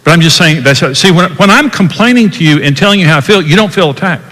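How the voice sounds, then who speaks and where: A man's voice: fairly high pitch, expressive, fast talker, sharp tone. An older man hosting a podcast, teaching about marriage in an earnest, emphatic way. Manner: earnest, emphatic, acts out quoted dialogue. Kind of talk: teaching talk. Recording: long hall reverb.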